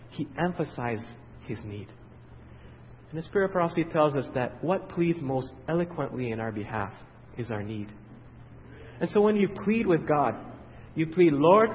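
A man preaching a sermon, asking the congregation questions and waiting for their answers, swinging from loud emphatic peaks to quiet, low passages. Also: slight background noise. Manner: asks the audience questions and pauses for their answers. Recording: dull, reverberant hall sound.

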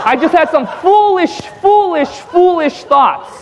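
High-voiced male preacher in an echoing hall. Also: normal speed, few pauses, slight background noise. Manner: lively storytelling, acting out dialogue with frequent chuckles; calls out to the audience for responses. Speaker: evangelist. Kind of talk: testimony preached to a congregation.

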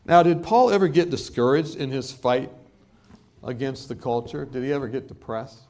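A man's voice: mid-range voice, moderate pace. A male preacher giving a sermon in a church, telling stories with humor and laughter. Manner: animated storytelling with laughter.

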